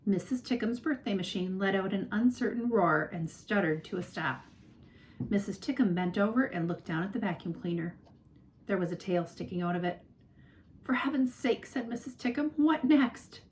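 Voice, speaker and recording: A woman narrating a children's novel aloud in an expressive storytelling manner. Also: lowish voice, moderate pace, slight background noise, rough recording. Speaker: reader.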